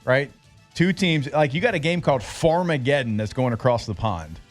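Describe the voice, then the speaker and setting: A man's voice: mid-range voice, lively intonation, normal speed, soft background music. A man hosting a sports radio show, talking loosely with lots of fillers as he rattles off team schedules. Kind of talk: casual sports talk.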